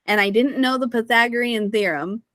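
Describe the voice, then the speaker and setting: A woman's voice: on the high side, normal speed, fairly bright tone, dry recording. A woman from Missouri, a podcast guest, talking casually and chattily with lots of "like" and "you know" fillers. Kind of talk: casual conversational interview.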